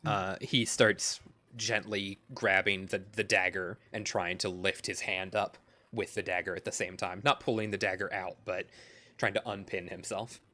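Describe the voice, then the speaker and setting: A man running a tabletop game as game master, describing the action with frequent pauses and fillers. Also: low voice, fairly even intonation, sharp tone. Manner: halting, with many fillers.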